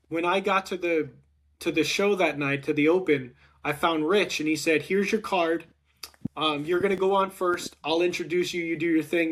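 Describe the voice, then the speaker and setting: Male host, high voice, animated casual storyteller. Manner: animated, acts out quotes with rising excitement. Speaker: podcast host.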